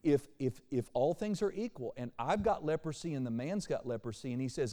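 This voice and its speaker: Animated male preacher in a reverberant hall. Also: a little high, a little fast. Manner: animated preacher, shifts from quiet to loud. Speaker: pastor. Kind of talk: sermon. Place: church sanctuary.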